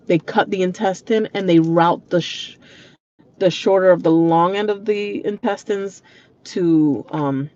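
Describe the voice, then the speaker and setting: A woman's voice: lowish voice, darkish tone, highs cut off. A woman vlogging from her parked car, talking candidly and emotionally with her viewers, swearing freely and holding back tears.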